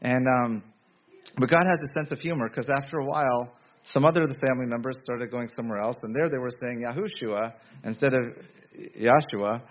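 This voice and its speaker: A man preaching a sermon to a congregation in a relaxed, conversational way, often restarting his sentences. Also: mid-range voice, quick pace, highs cut off. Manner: conversational, self-correcting, with frequent restarts.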